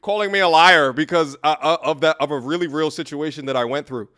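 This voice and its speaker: Guy streaming reactions, bright voice, loose and chatty. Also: a little high, brisk, clear, resonant tone. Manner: laughing, loose, rambling with restarts. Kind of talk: casual reaction commentary.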